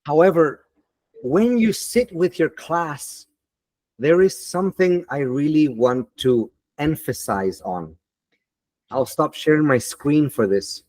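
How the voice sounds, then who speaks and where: Man, teacher webinar, slow deliberate delivery, emphatic, dry sound, video call mic. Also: on the high side, expressive, a little mellow, dry recording.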